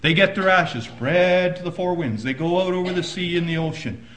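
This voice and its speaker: A man delivers a sermon with a high, bright, forceful voice. He drops to hushed, low stretches and then rises into loud, emphatic bursts. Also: normal speed, roomy sound, a little hiss or hum, low-quality recording. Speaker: preacher.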